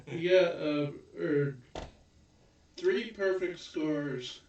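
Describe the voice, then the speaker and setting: A man's voice: on the high side, expressive, extremely slow, a little mellow, slight background noise. A man co-hosting a casual review, chiming in hesitantly and correcting himself. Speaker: podcast co-host. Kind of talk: casual chat. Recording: echoey room, distant muffled mic.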